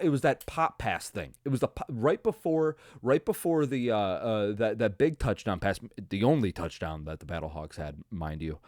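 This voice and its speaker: A man hosting a podcast, giving a casual, profane football recap that swings from loud frustrated outbursts to low mutters. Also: dry recording, studio quality. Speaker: podcast host. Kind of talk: casual ranting sports recap.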